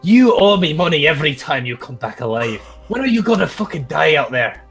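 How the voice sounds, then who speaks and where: A man voicing a grumpy, short male dwarf innkeeper who talks in a gruff, accusing way. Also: on the high side, big pitch swings, brisk, fairly bright tone, soft background music, pitched above the performer's own voice, exaggerated voice.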